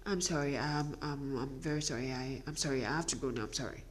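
A woman putting on a meek, softly apologetic wife. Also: very deep voice, quick pace, voice pushed down. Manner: soft, hesitant, apologetic. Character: meek apologetic young wife, soft-spoken.

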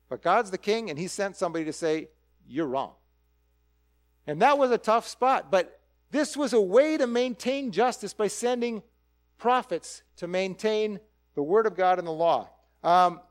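A man preaching a conversational sermon, animated and full of rhetorical questions. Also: sits high. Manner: animated, asks rhetorical questions, acts out quick quoted voices.

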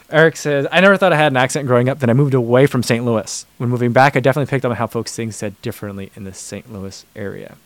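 A man's voice: mid-range voice, fast, no echo. A man hosting a livestream, reading viewer comments and chatting casually with many fillers and restarts. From United States. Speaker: livestream host reading chat. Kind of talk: casual chat.

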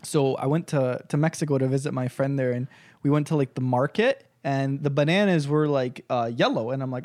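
A man telling stories on a casual podcast, animated and crude, breaking into laughter often. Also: medium pitch, fairly quick, no echo, clean studio sound. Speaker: podcast co-host. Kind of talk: casual storytelling chat.

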